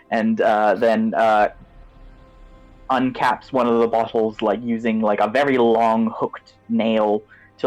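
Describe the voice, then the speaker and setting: A man's voice: on the low side, little pitch movement, takes it slowly, faint music behind, poor audio. A man as game master, giving vivid descriptive narration of a tabletop game and turning loose with fillers when he improvises.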